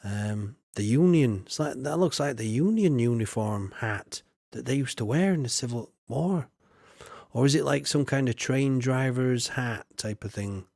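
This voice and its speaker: A man's voice: mid-range voice, lively intonation, a little slow, darkish tone, no room sound, clean studio sound. A man, casually commenting while streaming a farming game, chatty and jokey as he reads chat aloud.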